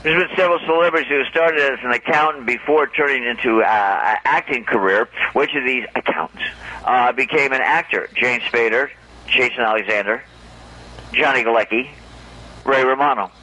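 A man hosting a radio show, reading entertainment news with jokey, animated asides in casual banter. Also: mid-range voice, moderate pace, muffled recording.

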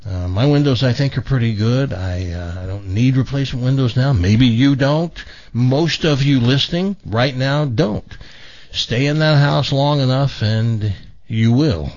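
In a radio studio, a medium-pitched man hosts a talk radio show, joking with his co-hosts and delivering a folksy live read for a sponsor as an animated storyteller. The audio is dull, with no echo.

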